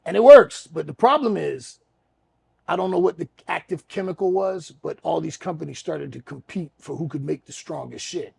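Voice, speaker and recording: A man co-hosting a podcast and spinning a late-night story in a relaxed, cussing street drawl. His voice is heavily gravelly and fried, with a husky, breathy edge. It sits a bit high for a man. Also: normal speed. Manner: loose, profane, laid-back street talk. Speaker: podcast co-host. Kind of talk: casual storytelling chat.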